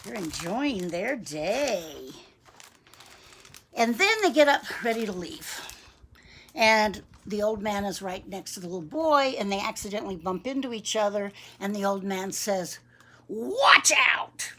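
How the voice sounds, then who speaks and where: A woman reading a picture book aloud to young children, gentle and chatty, asking them questions. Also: mid-range voice, lively intonation, a little slow. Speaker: storybook reader for young children.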